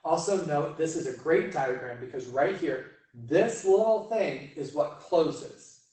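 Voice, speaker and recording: A man's voice: on the high side, animated, measured pace, mellow. A young man teaching vocal technique to a choir, explaining step by step and often checking in with "right?". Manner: sings vocal demonstrations. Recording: roomy echo.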